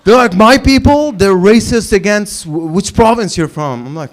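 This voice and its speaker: Hosting an open mic in front of a live comedy club audience, a man from Lebanon does profanity-heavy stand-up, playing both sides of conversations. His high-pitched, animated voice moves at a moderate pace with hardly any pauses, and he shouts loud announcer calls for each act.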